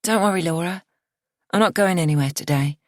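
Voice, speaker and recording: A woman's voice: on the low side, a little fast, a little mellow, no echo, clean studio sound, lightly acted. A woman voicing a young female lodger in an audiobook, speaking in an easy, reassuring way.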